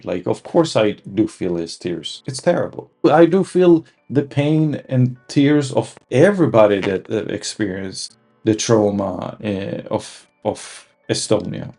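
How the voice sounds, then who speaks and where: A man's voice: lowish voice, expressive, measured pace, dark tone, faint music behind. A man giving a casual, heated opinion monologue, rambling with many restarts and fillers. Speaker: commentator.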